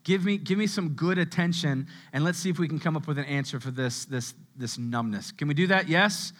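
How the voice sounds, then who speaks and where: Bright-voiced young male preacher. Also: fairly quick. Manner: conversational preaching with frequent repeated words; drops to a low hush on key words. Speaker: pastor. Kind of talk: sermon.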